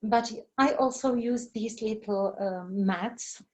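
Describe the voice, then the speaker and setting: A woman's voice: medium pitch, takes it slowly, poor audio. A woman trainer giving an online teaching webinar, talking with many fillers and small apologies, in a non-native English voice on a computer microphone. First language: Czech. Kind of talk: webinar presentation.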